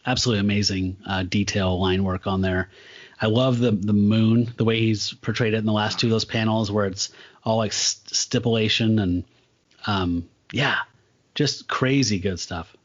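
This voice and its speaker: A man's voice: on the low side, steady tone, normal speed, muffled recording. A man co-hosting a comic book podcast, recapping panels with rambling enthusiasm. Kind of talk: casual chat.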